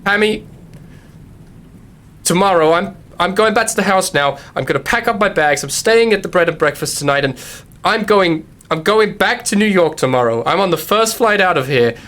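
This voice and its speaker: A man's voice: sits high, lively intonation, moderate pace, fairly bright tone, voice pushed up. A tearful young woman at the end of her rope, as a man game master puts her on. Her voice sits well above the performer's own, strained and pleading. A tabletop role-play voice. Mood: distraught. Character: upset young woman writer fleeing town.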